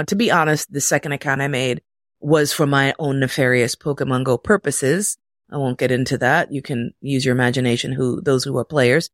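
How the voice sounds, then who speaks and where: Animated woman telling a story. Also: no echo, studio quality. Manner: animated, profane, jumps into high voices for quotes. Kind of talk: casual personal storytelling.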